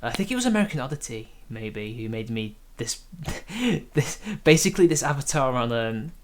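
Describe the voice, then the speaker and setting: A man's voice: medium pitch, big pitch swings, moderate pace. A man from Britain hosting a casual live stream, rambling and hesitant, laughing often between points. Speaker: stream host.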